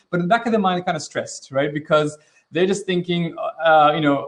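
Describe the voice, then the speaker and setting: A man's voice: a little high, quick pace. A man hosting an interactive online teaching webinar, talking casually and energetically, often mixing in Arabic religious phrases. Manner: energetic, casual, acts out quoted reactions. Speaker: webinar host and trainer.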